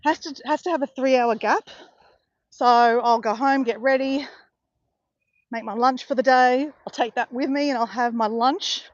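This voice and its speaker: A woman's voice: high voice, moderate pace, dry recording, muffled recording. A middle-aged woman with an Australian accent, chatting casually and rambling while she streams a live walk on the beach, often correcting herself. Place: outdoors on a beach.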